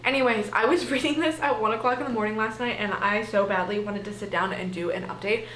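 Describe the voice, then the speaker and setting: A woman's voice: mid-range voice, fast, fairly bright tone. Young woman rambling about her book, chatty n swears a lot, echoey room, bit of background hum. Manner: chatty, gushing, swears freely. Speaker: book vlogger. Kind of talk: casual reading vlog chat. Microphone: camera mic, no external microphone.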